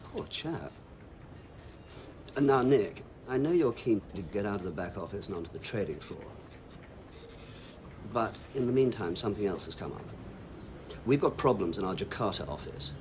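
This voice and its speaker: An actor playing a calm, paternal bank manager assigning a task. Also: male voice, lowish voice, normal speed, long pauses, a little hiss or hum, natural voice.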